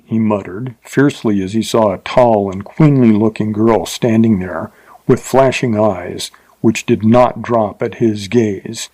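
A man reading a Western novel aloud as an audiobook narrator, in steady, measured storytelling. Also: lowish voice, breathy edge, no echo, poor audio.

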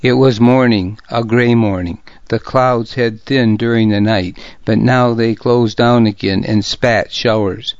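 A man narrates a novel in the first person at an unhurried pace. His delivery is measured and grave, and the close recording sounds dry and slightly muffled. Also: medium pitch, darkish tone, smooth, no echo. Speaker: audiobook narrator.

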